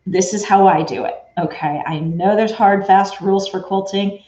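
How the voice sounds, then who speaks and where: A woman's voice: medium pitch, fairly even intonation, normal speed, mellow. Chatty woman livestreaming in an echoey room. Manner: chatty, greets viewers by name, laughs often. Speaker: quilting livestream host. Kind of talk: casual livestream chat. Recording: echoey room, dull lo-fi sound.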